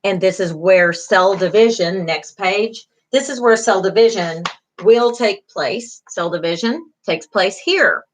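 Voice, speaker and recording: A woman's voice: mid-range voice, a little slow, slight background noise. A middle-aged woman, a beauty school instructor giving an online class lecture, encouraging, with many fillers, repeating key terms.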